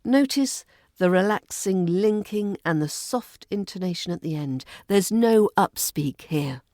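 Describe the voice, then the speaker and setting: A woman with a Southern English RP accent, teaching a podcast lesson on polite British grammar in a clear, measured, polite way. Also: medium pitch, lively intonation, dark tone, no echo, clean studio sound.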